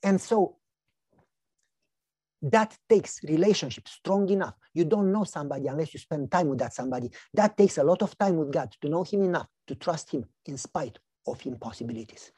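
Husky guy preaching, acting out little stories, dry close sound. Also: on the high side, moderate pace, dry recording. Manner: animated storytelling, acts out dialogue. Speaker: pastor. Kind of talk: sermon.

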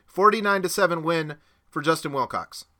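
A man's voice: on the high side, normal speed, sharp tone. A man hosting a casual sports podcast, chatty and joking, laughing often between points. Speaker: podcast co-host. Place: home podcast studio.

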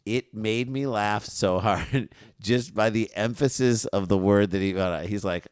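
A middle-aged man co-hosting a comedy podcast, telling stories in a slow, halting way. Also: lowish voice, darkish tone, no echo. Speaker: podcast co-host. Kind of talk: comedic banter.

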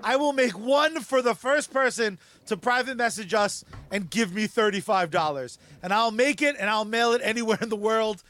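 A man co-hosting a podcast, joking around and reading sponsors with excitable bursts of shouting. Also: sits high, normal speed, few pauses. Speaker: podcast co-host. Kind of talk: casual chat and sponsor reads.

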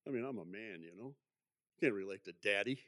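A man's voice: on the low side, expressive, fairly quick, a bit bright, no room sound, studio quality. A man in his sixties giving a personal testimony in church, rambling and chuckling as he tells his story. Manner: rambling, chuckling, self-deprecating.

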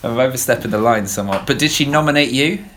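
A man's voice: medium pitch, quick pace, a bit bright, slight background noise. A man, hosting a casual comedic podcast chat in a teasing, self-deprecating way. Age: 20s. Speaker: podcast host.

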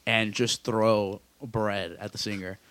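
A man hosting a podcast, chatting casually in an animated way and laughing often. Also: fairly low pitch, slow pace. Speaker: podcast host. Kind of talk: casual chat.

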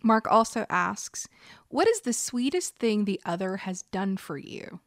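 Female co-host, mid pitch; chatty storyteller who laughs easily; dry recording. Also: sing-song, a little slow, no echo. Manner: warm storytelling, laughs often. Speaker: podcast co-host. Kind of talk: casual chat.

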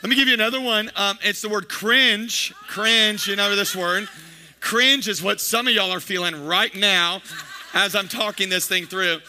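A man's voice: sits high, steady tone, moderate pace, bright, forceful tone. A man in his thirties, a pastor preaching a playful, joking sermon to his congregation, with many repeated words and asides. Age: 30s.

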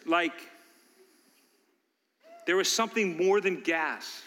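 An older man preaching a sermon as pastor, telling a story that builds to loud, animated bursts. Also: sits high, slow pace. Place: church sanctuary. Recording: long church hall reverb.

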